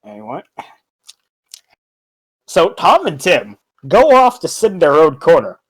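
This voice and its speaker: A woman's voice: sits low, wildly swooping pitch, slightly rough. A woman running a tabletop game as game master, casual and giggly. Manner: giggly, unhurried.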